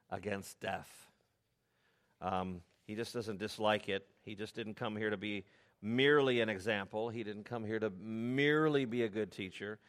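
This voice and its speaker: Preaching in a fairly low voice, a middle-aged pastor from the United States weaves conversational stories into his sermon. Animated asides punctuate his delivery.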